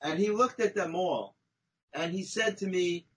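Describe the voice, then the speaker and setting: Husky high-voiced man telling anecdotes. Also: a little slow, poor audio. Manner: animated, chatty anecdote telling with frequent "right?" and "you know?". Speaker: podcast guest. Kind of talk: conversational storytelling.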